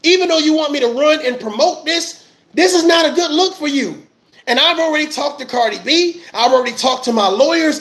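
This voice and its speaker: A man with a strikingly high voice gives fired-up commentary to his viewers. He rants with passion and circles back to the same phrases over and over. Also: fairly bright tone. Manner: impassioned ranting with repeated phrases. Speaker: army veteran commentator. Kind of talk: heated livestream commentary.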